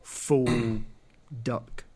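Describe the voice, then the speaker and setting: A man's voice: mid-range voice, fairly even intonation, drawn-out words, mellow, breathy edge. A Scottish man co-hosting a casual podcast, joking and rambling with plenty of fillers. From Scotland. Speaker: podcast co-host.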